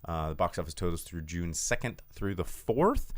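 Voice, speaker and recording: A man co-hosting a movie podcast in casual chat, an animated storyteller. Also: deep voice, moderate pace, no echo, studio quality. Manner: animated storyteller, lots of fillers. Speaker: podcast co-host.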